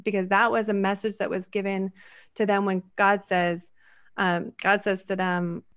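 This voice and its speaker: A woman's voice: mid-range voice, moderate pace, smooth. Enthusiastic woman co-hosting a Bible chat. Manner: animated, quotes scripture at length, runs on excitedly. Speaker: podcast co-host. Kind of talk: casual Bible discussion.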